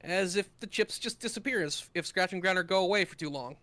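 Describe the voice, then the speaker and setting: A man's voice: high-pitched, fast, pushed and bright. A man co-hosting a podcast, reading a dry, sarcastic recap of a cartoon episode and chatting with his co-hosts. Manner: dry, sarcastic commentary with chuckles. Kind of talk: read-out episode recap with banter.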